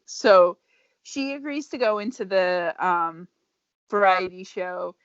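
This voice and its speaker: A woman co-hosting a podcast, casually retelling a show's episode with animated energy and frequent laughs. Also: lowish voice, slow, no room sound. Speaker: podcast co-host. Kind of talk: casual chat recapping a show. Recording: dry, dull lo-fi podcast audio.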